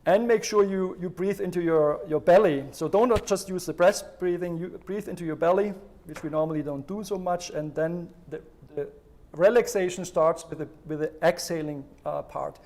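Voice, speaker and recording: A man's voice: high-pitched, moderate pace, a little mellow. A man presenting a health livestream, explaining stress relief and talking listeners step by step through a breathing exercise. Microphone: livestream microphone.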